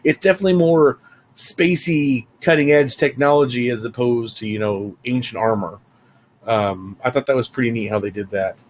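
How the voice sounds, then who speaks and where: A man's voice: mid-range voice, normal speed, a little hiss or hum, rough recording. Man, film reviewer, casual rambling talk, lots of ums. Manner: rambling, chatty, many fillers.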